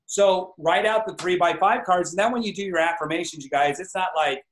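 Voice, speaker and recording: A man's voice: high voice, a little fast, a bit bright, reverberant, poor audio. A man coaching a group on a video call, talking with lots of energy and bursting into exclamatory affirmations. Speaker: network marketing coach.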